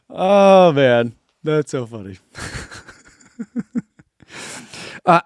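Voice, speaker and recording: Speaking a little high with a darkish tone, this middle-aged running-channel host keeps things laid-back on his live stream. He reads out comments from viewers and laughs frequently, and the sound is clean studio audio without echo.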